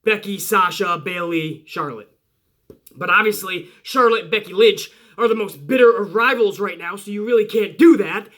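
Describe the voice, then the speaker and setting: A young man reviewing a wrestling show in casual, excited commentary, emphatic and full of swearing. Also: high voice, normal speed. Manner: profane, emphatic, hype-driven.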